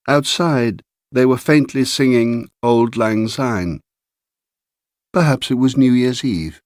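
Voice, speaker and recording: A man narrating a literary short story in a measured, unhurried way. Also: mid-range voice, a little mellow, dry recording, studio quality. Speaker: audiobook narrator.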